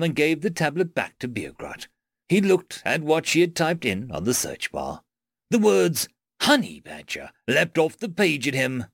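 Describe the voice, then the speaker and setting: A man reading short science-fiction stories aloud in an expressive narration. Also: mid-range voice, dry recording, clean studio sound. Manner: expressive reading with shifting tones. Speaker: story reader. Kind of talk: scripted narration.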